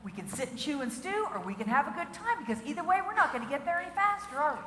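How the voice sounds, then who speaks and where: A woman giving a comedic motivational keynote, playful and animated, breaking into song now and then. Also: high voice, very fast. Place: large auditorium with audience. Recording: echoey hall, faint noise.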